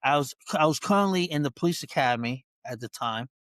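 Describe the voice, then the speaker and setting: A man's voice: on the high side, animated, quick pace, a bit bright, dry recording. A man with a New York accent, a dog trainer chatting casually as a guest, laughing often and rambling through his story. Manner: laughing, rambling, self-interrupting. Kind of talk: casual interview chat.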